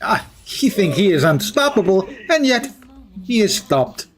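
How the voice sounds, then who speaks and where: A man voices a steel-skinned male mutant hero in a mock Russian accent for in-character game commentary, using formal, article-dropping, grandly self-praising phrases. His voice is high and pushed up, very animated, and a little slow.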